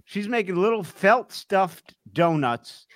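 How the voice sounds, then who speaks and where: A man co-hosting a comedy podcast, telling stories with plenty of uhs and sometimes trailing off quietly. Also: high-pitched, lively intonation, slow pace, dry recording, clean studio sound. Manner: storytelling, many ums and uhs, drops to near-mutter. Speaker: podcast co-host. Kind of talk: casual comedic chat.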